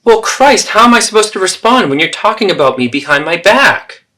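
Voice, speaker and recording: A man's voice: a little high, big pitch swings, normal speed, bright, forceful tone, voice pushed up. A man acting out a defensive, self-absorbed middle-aged mother in a therapy role-play, anxious and dramatic. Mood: indignant.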